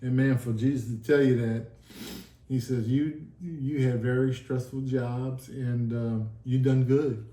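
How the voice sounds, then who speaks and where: A man's voice: medium pitch, fairly even intonation, measured pace, mellow. A man telling his testimony in a casual sit-down talk, earnest and emotional, acting out the dialogue he recalls. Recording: echoey room.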